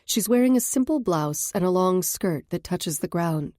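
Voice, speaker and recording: Low, mellow woman reading an audiobook. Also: animated, no room sound, clean studio sound. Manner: measured, introspective storytelling. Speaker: audiobook narrator. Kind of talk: first-person romance audiobook narration.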